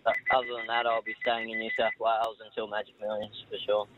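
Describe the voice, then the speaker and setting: Young Australian jockey on a phone line. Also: male voice, lowish voice, monotone, fast. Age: young adult. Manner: modest, hesitant, many ums. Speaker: jockey guest. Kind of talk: phone interview.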